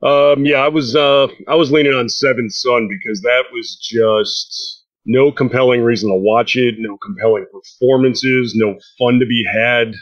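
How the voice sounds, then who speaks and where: A man talks casually as a podcast panelist, rambling and poking fun at himself. His voice has a middle pitch. The recording sounds muffled and lo-fi. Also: fairly even intonation, normal speed, hardly any pauses, fairly bright tone.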